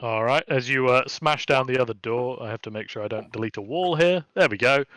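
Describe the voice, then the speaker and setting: A man running a tabletop game as game master, narrating in a relaxed, chatty way with many fillers. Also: mid-range voice, a little fast, no room sound.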